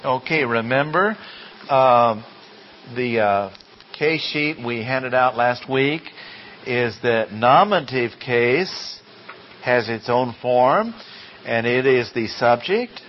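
A man teaching Greek grammar from the Bible in a classroom lecture, deliberate and full of rhetorical questions. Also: mid-range voice, a little hiss or hum. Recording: dull lo-fi classroom recording.

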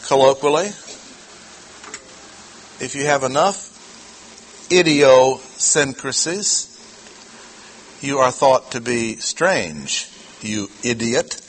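A man's voice: medium pitch, animated, slight background noise, poor audio. Emphatic man teaching a Bible verse. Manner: deliberate, emphatic, slows to stress key words; asks the audience questions. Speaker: preacher.

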